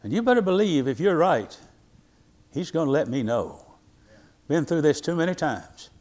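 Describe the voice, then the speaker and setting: Old man in his 80s preaching, slightly high voice, loud then quiet, very lively. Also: normal speed. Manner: emphatic preaching, swinging between loud and quiet; reads scripture aloud in old-fashioned wording. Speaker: pastor. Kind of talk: sermon.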